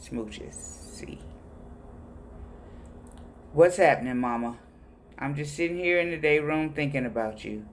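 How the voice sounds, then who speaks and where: A man's voice: on the high side, fairly quick, slight background noise. Man reading personal letters aloud. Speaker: reader of letters.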